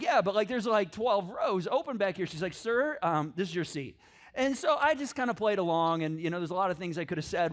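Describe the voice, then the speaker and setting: A middle-aged man preaching a sermon as a casual personal story, full of fillers and restarts, dropping low and soft for reflective points. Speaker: pastor. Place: church stage.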